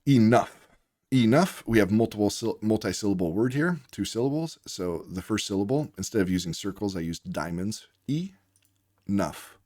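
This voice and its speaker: A man with a deep, low voice explains reading lessons like a tutor, patiently breaking words into their sounds one by one. The recording is close and dry, with no room echo. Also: fairly quick, few pauses, a little mellow. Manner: patient, walks through sounds letter by letter.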